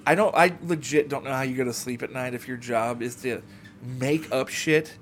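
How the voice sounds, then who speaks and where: A young man in casual podcast chat, telling a funny story with lots of laughter and quick mimicry of other people. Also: medium pitch, a little hiss or hum.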